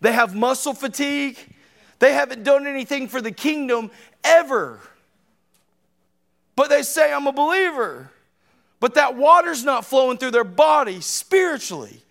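A man in his thirties, a preacher delivering an emphatic, conversational sermon with sudden loud bursts. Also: extremely high pitch, creaky. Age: 30s.

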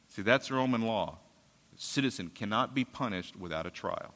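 A man's voice: medium pitch, brisk, fairly bright tone. A man preaching a sermon, retelling a scripture story in a casual, conversational way. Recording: long hall reverb.

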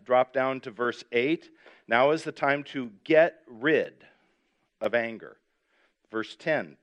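A man delivers a sermon in a relaxed, conversational manner. He reads scripture aloud and often restarts his sentences as he explains them. His voice sits at a middle pitch. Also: dull audio. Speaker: pastor.

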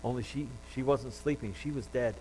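A male pastor delivering a sermon, acting out each character's lines with animated energy and tripping over repeated words. His voice sits at an ordinary middle pitch. A faint hum runs under the recording. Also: brisk, poor audio. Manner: animated storytelling, acts out quotes, frequent restarts.

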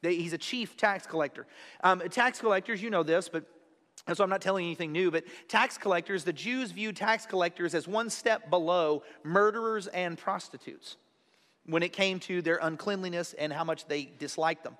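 A man's voice: high voice, normal speed, fairly bright tone, in a large hall. A man preaching an expository sermon in a conversational way, repeating key phrases for emphasis. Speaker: pastor.

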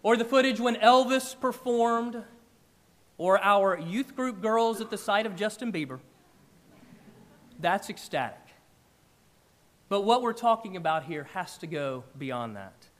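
A man preaching a sermon in church, emphatic and animated, with big swings in loudness. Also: sits high, a little slow, pauses often. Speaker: pastor.

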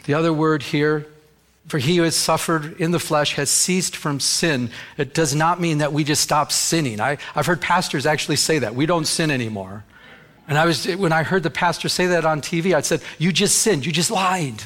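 A middle-aged man preaching a sermon as a pastor, conversational and animated, often restarting his words as he tells stories. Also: a little high, normal speed. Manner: conversational, animated storytelling with repeated word restarts.

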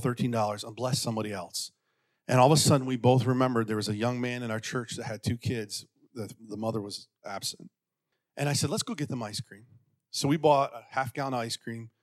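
Man preaching with lively storytelling. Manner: animated, acts out quotes in a raised pitch; drops to a quiet, intimate tone. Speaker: pastor. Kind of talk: sermon storytelling.

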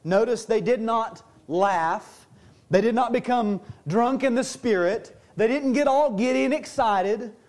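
A man preaching a sermon, earnest, slowing down and dropping his voice low to stress key lines. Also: darkish tone. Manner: earnest preaching, slows and drops low for emphasis. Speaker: pastor.

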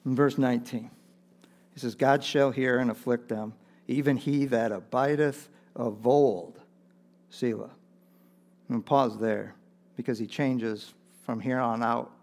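Male pastor, mid-pitched, preaching with animated emphasis and frequent chuckles. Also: a little slow, pauses often. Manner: animated preaching, rising and loud when reading Scripture; chuckles often between points. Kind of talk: sermon.

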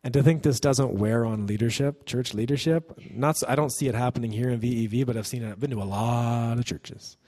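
Animated male pastor preaching in a reverberant hall. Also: medium pitch, fairly quick, hardly any pauses. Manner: animated, acts out quoted voices. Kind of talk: sermon.

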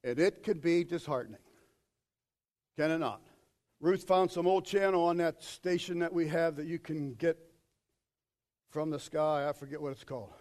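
A man preaching a sermon as pastor, swinging from shouted quotes to quiet asides. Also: a little high, normal speed, long pauses.

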